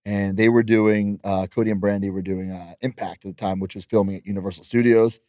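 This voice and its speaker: A man's voice: fairly low pitch, fairly even intonation, a little fast, a little mellow, dry recording, studio quality. A man in his thirties, a professional wrestler, chatting in an interview in a brash, boastful way and laughing often. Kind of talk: casual interview chat.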